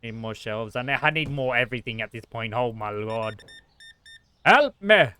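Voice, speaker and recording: A man's voice: mid-range voice, fairly even intonation, quick pace, pushed and bright, a little hiss or hum. A man streaming a store game, greeting customers in a shopkeeper voice and talking to himself, with frantic bursts when it gets busy. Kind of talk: casual gameplay chat.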